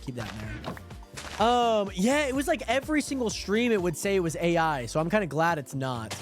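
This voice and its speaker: A man with a high, bouncy voice that swoops up and down, chatting loosely with his stream viewers as he plays. He rambles and repeats himself between game moves, talking into a desk mic. Music plays clearly underneath. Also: sing-song, moderate pace. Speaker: livestreamer. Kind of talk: casual gaming livestream chat. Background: background music.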